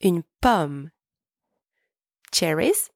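A woman teaching a podcast French lesson, pronouncing each word slowly and clearly so listeners can repeat after her. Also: on the low side, big pitch swings, a little mellow, no echo, studio quality. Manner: clear, slow, deliberate pronunciation for repeating. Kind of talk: podcast language lesson with repetition drills.

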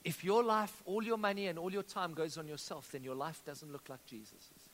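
A man preaching a sermon as pastor, energetic, calling out to the congregation and telling stories. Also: a little high, moderate pace, a little hiss or hum. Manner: energetic preaching with audience call-outs and storytelling. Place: church auditorium. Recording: long reverb of a church hall.

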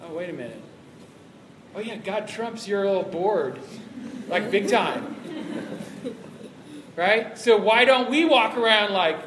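This man preaches a sermon to a youth ministry audience, emphatic and conversational, acting out quoted voices. His high-sitting voice is expressive and measured, broken by long pauses, in an echoey room with faint background noise.

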